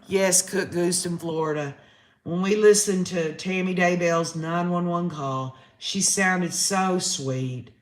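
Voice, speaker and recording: A man's voice: sits high, slow, roomy sound. A man hosting a live-stream trial recap, reading chat comments aloud and reacting with emotion. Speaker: host.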